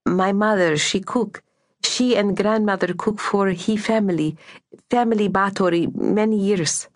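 A woman voicing a shy young servant girl with a soft, lilting Slovak accent who speaks broken English. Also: medium pitch, fairly even intonation, measured pace, voice pushed up, natural voice. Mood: hesitant.

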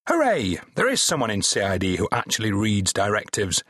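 A man's voice: mid-range voice, very animated, brisk, fairly bright tone, slightly rough, no echo, studio quality, pitched above the performer's own voice. A man voicing a pompous, officious male police sergeant with a sarcastic manner, in an audiobook. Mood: prim, sarcastic.

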